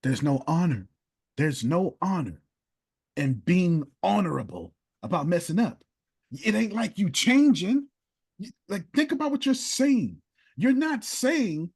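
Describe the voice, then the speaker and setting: This business coach and motivational speaker has a high, sing-song voice with a darkish, husky tone and a measured pace. Coaching a group live via video call, he preaches emphatically in conversational grammar, repeating his points to drive them home.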